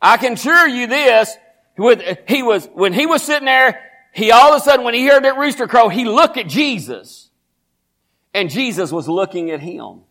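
High-voiced man preaching emphatically. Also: lively intonation, normal speed. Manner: emphatic, swinging from low murmurs to shouts; folksy, talks straight to the congregation. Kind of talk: sermon.

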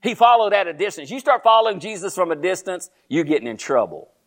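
A Texan-accented man preaching a sermon in a fairly high voice. His pitch rises and falls a lot as he tells the story, and he keeps turning to the congregation with questions. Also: quick pace. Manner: animated storytelling, asking the congregation questions, laughing asides.

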